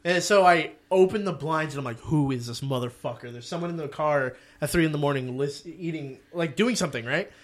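Young man, high voice, animated storyteller, swears a lot, casual podcast banter. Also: fairly quick, hardly any pauses. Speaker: podcast co-host. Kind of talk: casual comedic chat.

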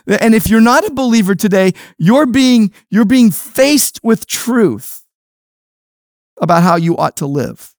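Emphatic male preacher, mid-pitched, dry sound. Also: big pitch swings, a little slow, dry recording. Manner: emphatic preaching, swings between soft low lines and raised stressed phrases. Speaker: pastor. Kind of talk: sermon.

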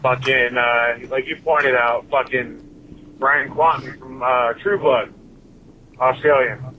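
A man's voice: mid-range voice, steady tone, takes it slowly, pushed and bright, slight background noise, poor audio. A man giving a profane, rambling rant as a listener's recorded message to a podcast, swearing constantly and drifting from point to point.

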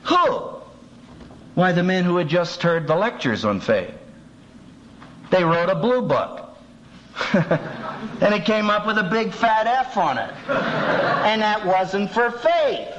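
Heard on a dull, faintly hissing old cassette tape, a man with a high-pitched voice speaks slowly, leaving long pauses. He is a seminary professor whose lecture is lively and humorous. He animatedly acts out the voices in his quotes.

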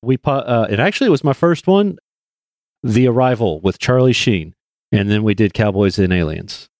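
Low-voiced joking male co-host. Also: expressive, moderate pace, a little mellow, no room sound, studio quality. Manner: joking, self-deprecating. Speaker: podcast co-host. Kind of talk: casual podcast banter.

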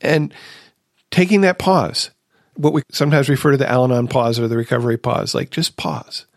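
A man's voice: medium pitch, moderate pace, creaky, no echo, studio quality. A man hosting a recovery podcast in casual chat, telling a personal story earnestly and asking rhetorical questions. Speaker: podcast host.

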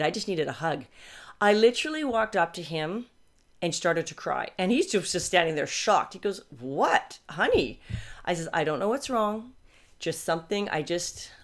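A woman in her fifties talking candidly in a personal podcast monologue, reflective and often correcting herself as she goes. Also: on the low side. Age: 50s. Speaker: podcaster and coach.

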